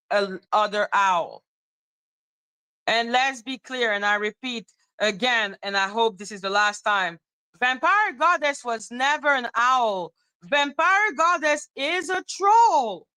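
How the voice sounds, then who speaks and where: A woman hosting a livestream, talking straight to her chat in an animated, repetitive rant broken up by laughter. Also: fairly high pitch, moderate pace, clean tone, dry recording, low-quality recording. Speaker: livestream host.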